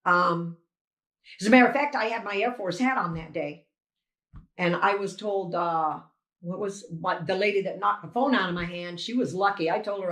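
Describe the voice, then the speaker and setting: Older woman, poll challenger testimony, animated and emotional, roomy echo on the voice. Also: medium pitch, normal speed. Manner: animated storytelling, acts out exchanges.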